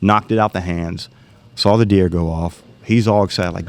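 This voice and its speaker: A middle-aged man tells a story in a casual, animated way, voicing the people in it. His voice sits very low, with a rough gravelly edge. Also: normal speed. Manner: animated storyteller, acts out quoted dialogue. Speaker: guest telling a hunting story.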